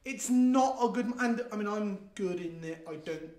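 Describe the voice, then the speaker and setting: A man hosting a podcast, telling blunt, animated stories in casual chat and swearing freely. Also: high-pitched, moderate pace, roomy sound.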